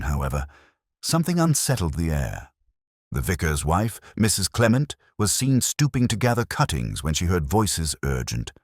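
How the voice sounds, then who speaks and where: Man, storyteller host, measured and solemn, lively pitch swings, breathy low tone. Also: dry recording, studio quality. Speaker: host and narrator. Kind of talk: scripted storytelling narration.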